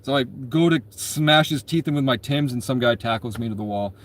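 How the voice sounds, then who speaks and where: A man's voice: medium pitch, fairly quick. Man, twenties, casual storyteller; rambling, profane delivery, constant self-corrections. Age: 20s.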